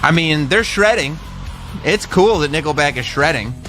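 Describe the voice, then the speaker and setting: Bright-voiced chatty radio co-host man. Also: a little high, expressive, normal speed, faint music behind. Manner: chatty, joking, laughs easily. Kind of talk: casual radio chat.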